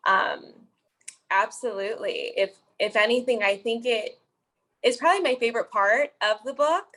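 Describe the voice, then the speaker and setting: A woman co-hosting an interview, answering softly and reflectively, with some halting restarts. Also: mid-range voice. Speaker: guest co-host. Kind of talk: interview discussion.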